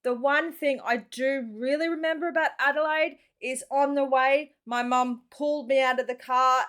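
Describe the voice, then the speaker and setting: A woman's voice: sits high, steady tone, moderate pace, fairly bright tone. A woman in her forties with an Australian accent, hosting a casual reaction video and chatting in a friendly way with plenty of slang.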